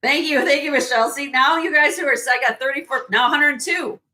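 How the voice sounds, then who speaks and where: Bright, chatty woman hosting a live sale. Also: high-pitched, fairly quick. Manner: chatty, laughs often. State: losing her voice. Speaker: host and jewelry seller. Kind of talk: casual live-stream sale chat.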